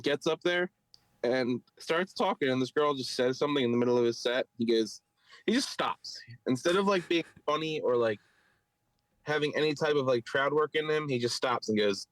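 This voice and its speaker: Mid-range in pitch and moderate in pace, this man's voice comes through a low-quality recording without room sound. He's co-hosting a podcast in a Philadelphia accent, spinning a long, filler-heavy, rambling yarn in an animated, casual way.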